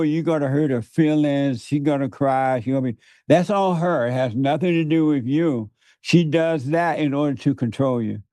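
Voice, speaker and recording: A man's voice: a little high, mellow, no room sound. A man preaching in conversation, emphatic, repeating words for stress and laughing often. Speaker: guest preacher.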